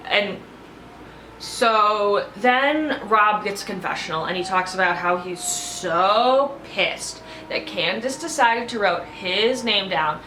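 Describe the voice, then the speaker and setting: A woman's voice: medium pitch, expressive, measured pace, bright, forceful tone, a little hiss or hum. A woman giving a casual, opinionated recap of a reality show, blunt and sarcastic, swearing freely. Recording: echoey room.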